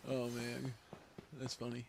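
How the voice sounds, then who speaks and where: A man's voice: medium pitch, completely flat delivery, measured pace, creaky, background noise. A young man in casual live-stream chat, rambling and swearing as he talks to his viewers.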